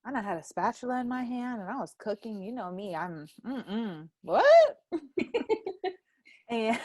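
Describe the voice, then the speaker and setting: A young woman hosts a relaxed family chat, telling stories with lots of laughter and loud acted-out quotes. Her voice sits in a middle pitch. It is recorded dry and close, with no room sound. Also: fairly quick, hardly any pauses, dry recording. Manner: animated storyteller, acts out quotes loudly, laughs often. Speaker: podcast host.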